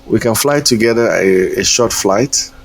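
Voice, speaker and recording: A man talks casually to his stream audience while flying a simulator. His voice sits low and his delivery is slow, full of hesitations and small chuckles, with a faint hum of noise behind him. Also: vocal fry. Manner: rambling, hesitant, chuckles often. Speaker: flight sim streamer. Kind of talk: casual live-stream chat.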